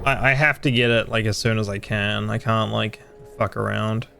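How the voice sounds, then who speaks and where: A man's voice: fairly low pitch, level tone, moderate pace, creaky, sharp tone, faint music behind. A young man chatting casually with friends while playing a video game, joking, teasing and swearing freely. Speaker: gamer streaming with friends. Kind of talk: casual gameplay chat.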